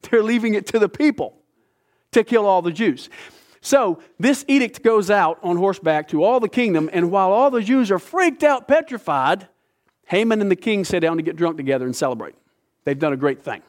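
A man leading a midweek Bible study, retelling the story in an animated way with casual slang. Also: high-pitched, moderate pace. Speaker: Bible teacher.

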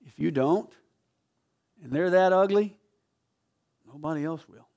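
Gravelly pastor preaching. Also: male voice, fairly high pitch, a little slow. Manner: passionate storytelling, swings from loud to hushed. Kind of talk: sermon. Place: church sanctuary.

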